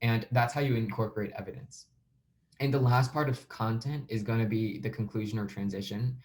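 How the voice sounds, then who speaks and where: A man's voice: fairly low pitch, a little fast. Man coaching speech delivery, casual and conversational. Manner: relaxed, conversational, uses "like" and "um" often. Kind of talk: instructional walkthrough of a sample speech.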